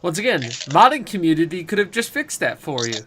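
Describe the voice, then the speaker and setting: High-voiced man in casual podcast chat. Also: big pitch swings, brisk, a bit bright, slight background noise. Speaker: podcast co-host.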